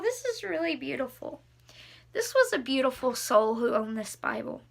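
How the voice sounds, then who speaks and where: A young adult woman vlogging in a soft-spoken, awed way, often hushed, chatting and reading aloud. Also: high voice, expressive, moderate pace, creaky. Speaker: vlogger showing thrift finds. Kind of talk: casual vlog chat and reading aloud.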